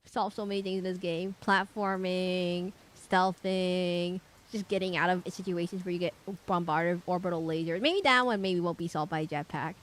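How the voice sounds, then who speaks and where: A woman's voice: on the low side, fairly even intonation, moderate pace, hardly any pauses. A woman streaming a game, chatting casually, explaining the story and cracking jokes. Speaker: VTuber streamer. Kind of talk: casual let's-play commentary.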